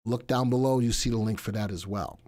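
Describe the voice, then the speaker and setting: A man's voice: fairly low pitch, brisk, darkish tone. A man hosting a live stock market stream, chatting casually, joking and rambling with asides to his crew.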